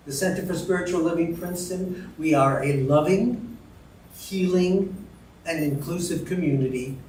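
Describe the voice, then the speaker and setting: A man speaking to a congregation as practitioner at a spiritual center, earnest and unhurried with some fillers, heard from a distance. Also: fairly high pitch. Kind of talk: sermon to a congregation. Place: church hall. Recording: roomy distant sound with faint noise.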